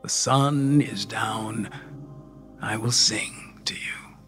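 A man's voice: lowish voice, extremely slow, a bit bright, faint music behind. A man voicing a stern, ancient male wolf spirit who speaks in a hard, commanding tone.

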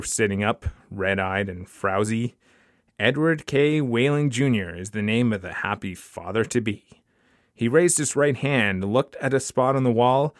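A man reading a short story aloud for his podcast, lifting his voice for the dialogue and dropping low for the narration tags. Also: dry recording, clean studio sound. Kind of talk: audiobook-style story reading.

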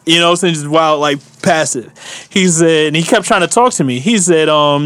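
A man telling a story in casual chat, animated and laughing often, swearing freely. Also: a little high, normal speed, dry recording.

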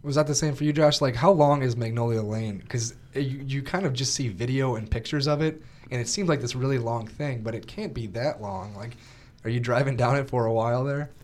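A man's voice: medium pitch, a little fast, darkish tone. A man moderating a casual chat, setting up stories and asking questions. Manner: prompting, asks questions.

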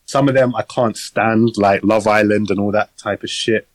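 A young man talks through films in a loose podcast chat, rambling and swearing freely. His voice sits low and the sound is dry and close, as if recorded on a phone. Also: fairly even intonation, moderate pace, no echo, poor audio. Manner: rambling, swears casually, many fillers. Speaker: podcast co-host. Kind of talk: casual chat.

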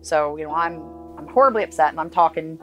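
A woman recounting a traumatic family event, halting and emotional, acting out the voices of others as she speaks. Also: low voice, soft background music, poor audio. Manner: halting, emotional, acts out dialogue. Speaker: interviewee recounting a family tragedy. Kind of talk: personal account in interview.

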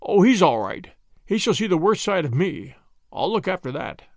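Hoarse weak mutter, injured scheming detective, read by a man, dry close voice. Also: high-pitched, big pitch swings, normal speed, no echo, exaggerated voice. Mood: weak, wry. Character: injured, weakened male detective, calm and scheming.

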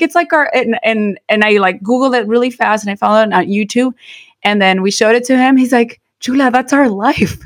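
A woman co-hosting a casual chat over a video call, a little hoarse after losing her voice, mixing Spanish into English. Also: fairly high pitch, normal speed. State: hoarse, recovering from lost voice. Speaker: podcast co-host.

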